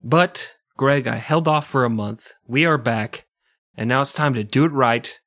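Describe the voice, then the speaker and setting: A man's voice: medium pitch, measured pace, a bit bright, no room sound, studio quality. A man co-hosting a comedy podcast, telling a story in a joking way and laughing often. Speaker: podcast co-host. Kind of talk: casual comedic chat.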